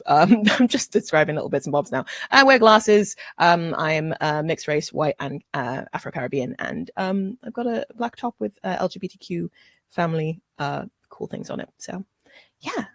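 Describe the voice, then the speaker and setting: A woman's voice: low voice, vocal fry, dry recording, clean studio sound. A woman hosting a tabletop game stream as game master, chatty and giggly. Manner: chatty and giggly, with frequent fillers.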